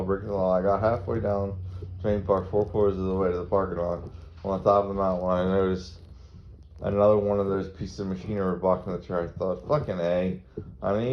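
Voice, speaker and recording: A man from Maryland telling a rambling, crude stand-up story. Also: low voice. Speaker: comedian. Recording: dull lo-fi recording with faint noise.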